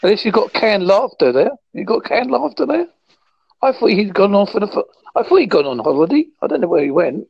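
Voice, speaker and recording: A man's voice: high voice, sing-song, brisk, vocal fry, slightly rough, dry recording, highs cut off. A man from the United Kingdom chatting online with dry, playful jokes. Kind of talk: casual online voice chat.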